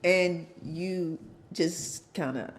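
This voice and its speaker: A woman podcast host asking soft-spoken, probing follow-up questions in a casual interview. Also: on the low side, very slow.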